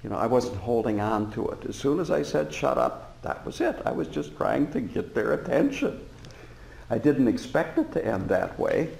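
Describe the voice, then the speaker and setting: Buddhist teacher guy giving a talk, super gravelly voice, lively ups and downs, echoey hall. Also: medium pitch, normal speed. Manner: relaxed storytelling with frequent fillers and chuckles. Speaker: Buddhist teacher and former prison chaplain. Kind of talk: dharma talk to a live audience. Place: meditation center hall. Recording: roomy hall reverb.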